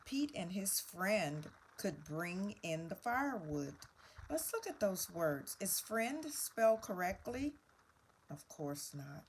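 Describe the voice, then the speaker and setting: A woman's voice: sits low, a little mellow, slight background noise. A woman teaching a spelling lesson, patiently spelling words out letter by letter and walking through each answer.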